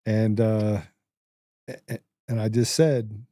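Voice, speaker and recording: A man's voice: lowish voice, level tone, slow, pauses often, warm tone, dry recording, studio quality. A man co-hosting a casual political chat, joking, laughing often and stumbling over restarts. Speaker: podcast co-host.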